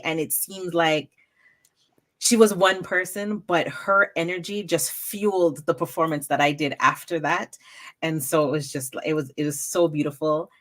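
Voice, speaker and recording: A woman storyteller talking as an interview guest, animated, acting out the quoted moments in her stories. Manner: animated, acts out quoted moments with raised pitch. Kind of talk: casual interview chat.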